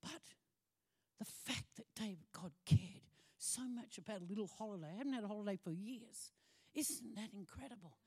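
A middle-aged woman gives a lively personal testimony from the pulpit, preaching her story with animation. She acts out phone calls in other voices and often breaks into laughter. Her mid-range voice is darkish with a breathy edge, at a moderate pace.

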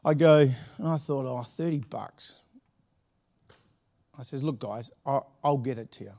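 A man's voice: mid-range voice, a little slow, mellow. A middle-aged man, a pastor telling a story from the pulpit in a chatty, laughing way with many restarts. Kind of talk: sermon anecdote.

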